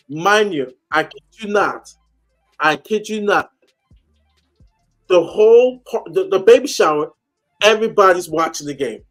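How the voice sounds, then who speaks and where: A man's voice: high-pitched, lively intonation, normal speed, pauses often, soft background music. A man chatting casually on a call-in show, telling a story animatedly and acting out the people he quotes. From United States.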